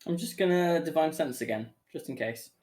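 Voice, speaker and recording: A man's voice: a little high, fairly quick, a little mellow. A man with a Birmingham accent, a player in a tabletop game, chatting casually and reading rules with lots of fillers. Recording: music bed under voice.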